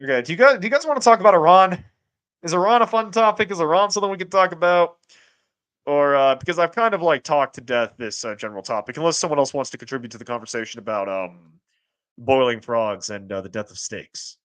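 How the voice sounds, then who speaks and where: A young American man hosts his own livestream. He talks in loose, rambling bursts, curses casually and banters with viewers, and his voice sits slightly higher than most men's. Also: expressive, fast, a bit bright, poor audio. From United States. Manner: rambling, profane, bantering with chat. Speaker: streamer host.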